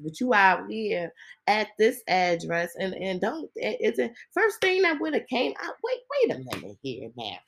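A woman's voice: lowish voice, slight background noise, poor audio. A woman hosting a podcast, ranting in a casual, heated and indignant way with lots of rhetorical questions. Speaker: podcast host.

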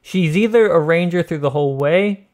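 A man co-hosting a casual podcast chat, explaining points quickly and laughing often. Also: on the high side, a little mellow. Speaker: podcast co-host.

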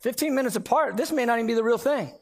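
A man preaching a sermon, emphatic and animated as he tells a personal story. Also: very high-pitched, very fast. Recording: long hall reverb.

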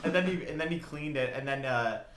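A man's voice: fairly high pitch, a little fast, fairly bright tone, a little hiss or hum. A young man chatting casually as a podcast co-host, telling rambling stories with fillers and frequent laughs. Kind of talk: casual chat. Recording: roomy echo.

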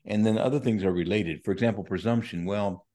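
A man's voice: lowish voice, a little fast, mellow. A middle-aged man, a Catholic priest, talking through ideas on a podcast and acting out imagined inner voices to explain them. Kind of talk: casual podcast discussion on faith.

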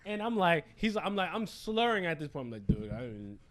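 A man's voice: sits high, lively intonation, a little fast, a bit bright. A man in casual podcast banter, telling profane stories loosely and laughing. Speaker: podcast co-host. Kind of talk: casual storytelling chat.

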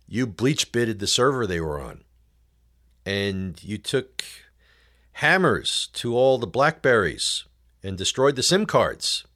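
A man's voice: medium pitch, lively intonation, unhurried, fairly bright tone. A male show host giving a sarcastic political commentary monologue, often calling his listeners folks.

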